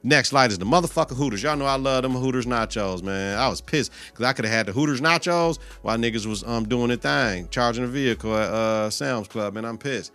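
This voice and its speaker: A man hosting his own podcast, ranting in a casual, profane way and swinging between loud outbursts and quiet asides. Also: medium pitch, brisk, few pauses. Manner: animated, heavy cursing, swings loud and soft. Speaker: podcast host.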